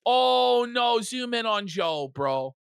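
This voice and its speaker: Male streamer, casual reaction commentary, mocking and shouty, animated pitch, dry sound. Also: slow, clear, resonant tone, no echo. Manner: loud, mocking, bursts into shouts. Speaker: stream co-host.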